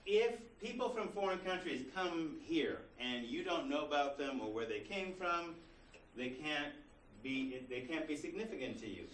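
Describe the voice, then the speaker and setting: A man's voice: fairly high pitch, lively intonation, moderate pace, a bit bright, slight background noise. A man teaching a college class in a conversational way, full of rhetorical questions. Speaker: college instructor. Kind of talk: classroom lecture. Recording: roomy classroom recording from a distance.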